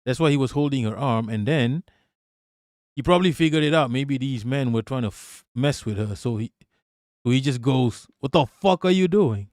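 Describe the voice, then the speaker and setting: A man's voice: medium pitch, normal speed, a little mellow, no room sound, clean studio sound. A man commenting on a video clip during a live stream, blunt and profane, often repeating himself when worked up.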